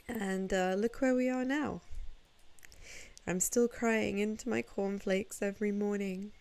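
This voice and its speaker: A woman's voice: mid-range voice, steady tone, takes it slowly, a little mellow. A sleepy, groggy woman streaming a game from home, chatting playfully with viewers in a self-mocking way. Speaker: VTuber streamer. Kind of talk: casual live-stream chat while gaming.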